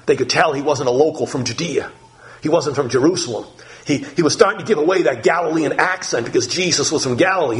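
A male pastor preaching a sermon in an animated, emphatic manner, dropping low and soft for prayer.

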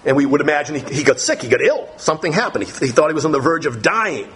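An animated male preacher teaching from the Psalms, his voice sitting a little high for a man. His pitch swings widely as he talks straight to his listeners and thinks aloud, then he slows to read scripture line by line with weight. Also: a little hiss or hum. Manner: animated, reads scripture slowly and emphatically. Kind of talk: sermon teaching through the Psalms.

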